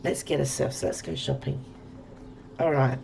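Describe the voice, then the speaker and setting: Australian woman, 40s, game streamer; low, strongly gravelly voice, chatty and rambling. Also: steady tone, unhurried, darkish tone, slight background noise. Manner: chatty and rambling, talking to viewers while playing. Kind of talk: casual let's-play chat.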